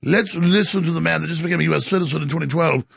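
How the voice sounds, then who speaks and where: Male talk radio host, bombastic, rapid-fire, raspy voice, pitched up. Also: fairly bright tone, no echo. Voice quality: gravelly. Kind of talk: fast-paced talk radio monologue.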